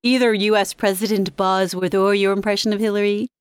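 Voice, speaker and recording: A woman's voice: mid-range voice, flat delivery, fairly quick, a little hiss or hum. A woman hosting a voiceover podcast, chatting with a guest and reacting with enthusiasm. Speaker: podcast host. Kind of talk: casual interview chat.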